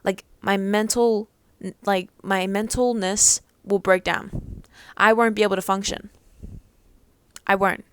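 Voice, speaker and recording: A woman's voice: mid-range voice, fairly even intonation, unhurried, pauses often, smooth, no echo. A young woman vlogger talking casually to camera, rambling with lots of "like" and freely swearing.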